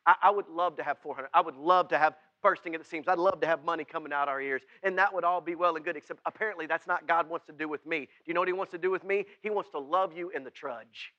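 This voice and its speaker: A man preaching a sermon as pastor, folksy and plain-spoken, swinging from loud preaching to quiet, intimate asides. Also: fairly high pitch, fast, hardly any pauses, no echo, muffled recording. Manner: folksy and plain-spoken, with southern-style words.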